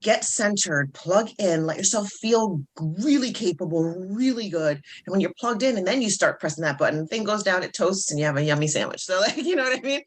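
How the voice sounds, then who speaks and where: A woman speaking as a self-esteem coach in a guest interview, telling stories in an animated, upbeat way. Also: mid-range voice, brisk, few pauses. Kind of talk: casual interview chat.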